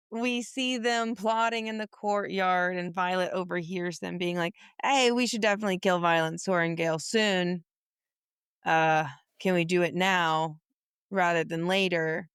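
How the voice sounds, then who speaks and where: A woman's voice: on the low side, a little slow, a bit bright, clear, resonant tone, no room sound, studio quality. A woman co-hosting a casual book podcast, reflecting thoughtfully and chiming in with short agreements. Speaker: podcast co-host.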